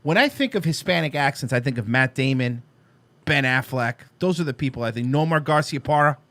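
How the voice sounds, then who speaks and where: A man's voice: medium pitch, lively intonation, brisk, fairly bright tone, no room sound. A man co-hosting an online talk show, reading out an article and mocking it in sarcastic asides. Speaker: co-host. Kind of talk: casual commentary on clips.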